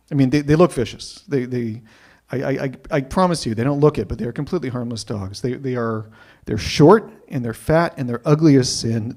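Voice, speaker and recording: A man telling a personal story live, animated and often repeating himself as he builds up. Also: medium pitch. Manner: animated, repeats words when excited.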